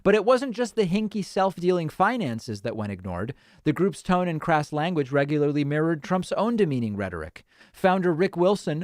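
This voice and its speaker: A man's voice: a little high, dry recording. Male live-stream host, casual, wry asides while reading chat aloud, dry close sound. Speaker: political talk show host.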